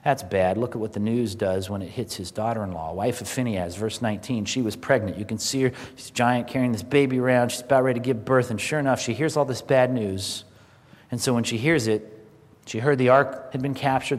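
A man delivers a sermon in an animated storytelling style and dramatizes the people in the passage. His voice sits at an ordinary middle pitch. He sometimes drops to a hushed whisper for emphasis, and a long reverb from the church hall trails behind every word. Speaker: pastor.

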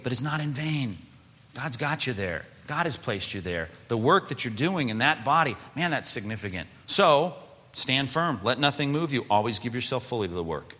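Lively, bright-voiced male preacher. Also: moderate pace, long reverb tail. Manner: conversational preaching with asides and rhetorical questions; mimics whining body parts in a high voice. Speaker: pastor. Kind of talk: sermon.

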